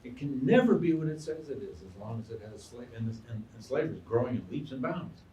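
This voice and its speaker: A man, a historian and biographer, answering audience questions in an animated, storytelling way and acting out quotes. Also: medium pitch, fast talker, slight background noise. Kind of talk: lecture Q&A answer. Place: lecture hall. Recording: echoey room, mic far off.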